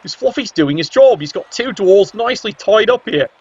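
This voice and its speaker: A man commentating a game, sarcastic and excitable, swearing often. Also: high voice, moderate pace, slightly rough, lo-fi sound. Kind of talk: tabletop video game commentary.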